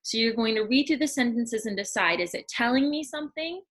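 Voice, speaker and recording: A woman teaching a lesson to young children, explaining slowly and patiently, step by step. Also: a little high, lively intonation, fairly bright tone, rough recording.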